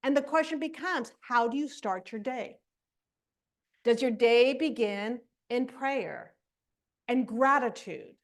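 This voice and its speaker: A woman minister with a bright, high voice teaches a spiritual lesson. She keeps it conversational and chatty, checks in with her listeners, and laughs easily along the way. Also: expressive, takes it slowly. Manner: conversational, often asks "right?", laughs easily.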